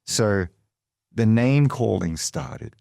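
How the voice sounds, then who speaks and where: This is an Australian man with a fairly low voice, talking casually as a guest on an interview show. He rambles a little and leans on fillers as he tells his story. The sound is dry and close, with no room echo. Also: lively intonation, very slow, vocal fry, warm tone. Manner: chatty, digressive, many fillers. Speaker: guest, financial advisor.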